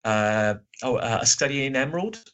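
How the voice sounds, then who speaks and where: A man in his thirties, a podcast guest, chatting in a rambling, self-deprecating way with lots of fillers and a slightly husky voice. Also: mid-range voice, animated, moderate pace, a bit bright. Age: 30s. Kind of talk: casual podcast chat.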